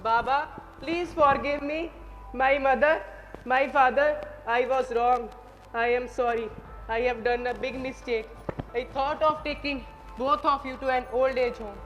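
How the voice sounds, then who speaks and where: A young woman playing a busy father in a school stage play, hurried and later apologetic. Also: high-pitched, fairly even intonation, muffled recording. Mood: remorseful. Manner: hurried, then remorseful. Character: busy father who scorns his old parents. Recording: echoey hall with music.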